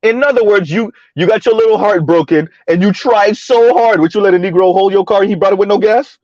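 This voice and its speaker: A man's voice: sits high, brisk, darkish tone, no room sound, dull audio. A man giving heated, mocking commentary in a ranting style, his voice jumping up sharply for emphasis. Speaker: online commentator.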